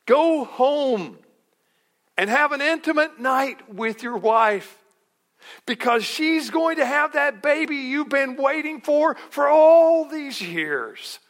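A man's voice: very high-pitched, lively intonation, slow, fairly bright tone, voice pushed up, heavily acted. A man voicing an amused male angel messenger, proclaiming in a raised, teasing tone.

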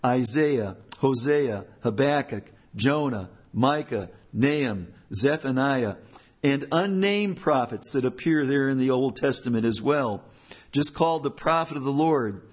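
Husky-voiced man preaching a sermon. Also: mid-range voice, expressive, measured pace. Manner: earnest, emphatic repetition. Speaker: elder preaching.

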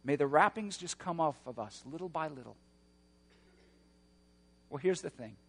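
A man preaching a sermon, moving between hushed, slow passages and loud, roaring emphasis. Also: a little high, animated, vocal fry, long reverb tail. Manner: dynamic preaching, swings from hushed to shouting. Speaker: pastor.

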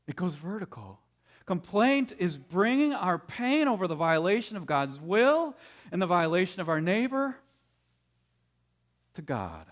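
A man's voice: high voice, very animated, a little slow. A man preaching a sermon in an earnest way, often repeating words as he builds to a point. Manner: tells a story with quoted voices. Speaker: pastor.

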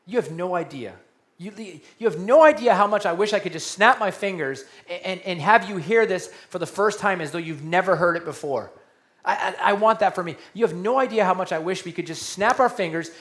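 A man preaching a sermon, animated, repeating key phrases and dropping to a hushed voice for emphasis. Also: high voice. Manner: animated preaching, repeats key lines, drops to quiet soft tones for emphasis. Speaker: pastor.

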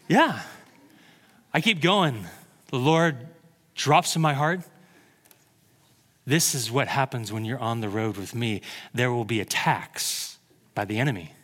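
Male pastor, bright and lively, preaching in a reverberant hall. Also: fairly high pitch. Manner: animated storytelling, laughing at own jokes. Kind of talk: sermon.

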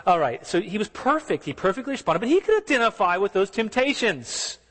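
A man's voice: sits high, big pitch swings, a little fast, a bit bright, in a large hall. A man preaching a sermon in an earnest, conversational way, asking his listeners questions as he goes. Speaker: pastor.

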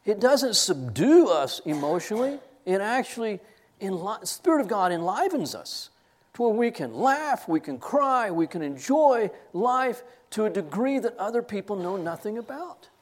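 Animated older man teaching scripture. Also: high voice, moderate pace. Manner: animated, laughs and chokes up while telling stories. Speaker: Bible teacher. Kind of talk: classroom sermon.

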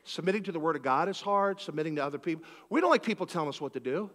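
Male pastor from Philadelphia, high bright voice, lively sermon with acted-out exchanges, long church-hall reverb. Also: racing. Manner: animated preaching, acts out conversations.

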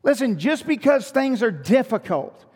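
A man preaching in a church sanctuary, with a notably high voice that rings through a long hall reverb. He is animated, pressing rhetorical questions and tossing in joking asides to the congregation. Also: unhurried, breathy edge. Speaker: pastor. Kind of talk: sermon.

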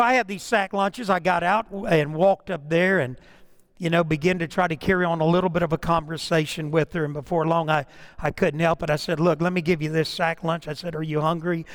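A pastor preaches in a notably high-pitched voice. He tells his stories in a loose, conversational way, often restarting his sentences. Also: a bit bright. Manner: storytelling, conversational with frequent restarts. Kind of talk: sermon.

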